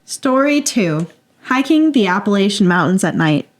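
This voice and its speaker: A woman's voice: mid-range voice, sing-song, normal speed, a little hiss or hum. A woman with a mid-range voice reads a listener's story aloud on a podcast. Her reading is playful and dramatic, and she laughs easily between lines. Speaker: podcast co-host.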